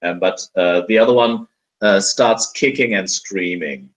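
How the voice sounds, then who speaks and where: Slow, hesitant game master with a low voice. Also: male voice, poor audio. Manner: hesitant, many fillers and restarts. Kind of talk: running a tabletop game over a call.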